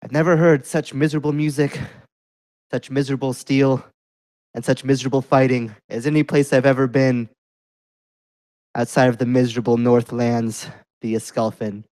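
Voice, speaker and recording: A proud foreign warrior sneers at his hosts with slow, scornful taunts, as a man puts him on. The voice is mid-pitched and sounds dry and close. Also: flat delivery, darkish tone, no room sound, natural voice. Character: arrogant foreign male warrior, contemptuous.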